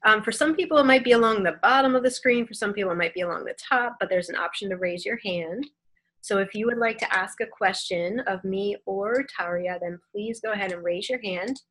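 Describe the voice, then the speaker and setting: A woman hosting a live online question session over a video call, speaking in a gentle, soothing, reassuring way. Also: medium pitch, a little fast. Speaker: host.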